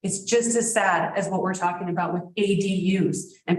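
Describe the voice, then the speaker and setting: A woman's voice: on the low side, normal speed. A woman speaking earnestly in defense of someone during public comment at a town meeting. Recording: echoey room, distant mic.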